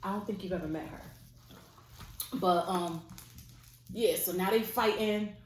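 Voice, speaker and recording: A woman's voice: medium pitch, measured pace. A woman vlogger casually telling a personal story to camera. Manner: casual, lively storytelling with fillers. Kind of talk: storytime chat. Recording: echoey room, faint noise.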